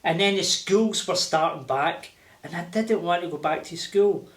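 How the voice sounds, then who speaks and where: An older man with a Glaswegian accent, telling lively stories with laughter as an interview guest. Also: high voice, moderate pace. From Scotland. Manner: animated, laughing, acting out voices. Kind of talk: casual storytelling. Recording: roomy echo.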